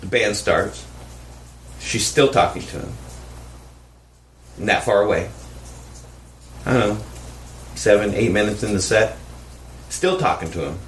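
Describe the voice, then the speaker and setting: A man casually telling a story on a podcast, animated and profane, acting out the people he quotes. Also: lowish voice, measured pace, pauses often, roomy sound, slight background noise. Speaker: podcast co-host.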